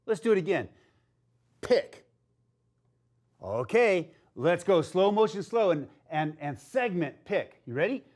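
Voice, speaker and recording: Slow, lively man teaching phonics. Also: high voice. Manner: slow, sounding out letters, upbeat and encouraging. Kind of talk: phonics lesson for young children.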